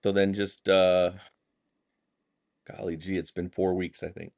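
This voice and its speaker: A man, a contractor and pastor, telling stories casually as a podcast guest, acting out the dialogue in animated bursts with folksy phrasing. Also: low voice, a little slow, no echo, studio quality. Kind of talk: casual storytelling interview.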